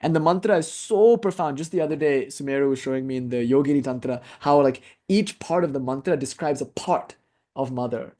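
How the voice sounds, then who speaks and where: A man's voice: medium pitch, fairly quick, mellow. A man teaching a class on ritual worship, explaining texts in an earnest, casual manner with frequent fillers. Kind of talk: spiritual class lecture.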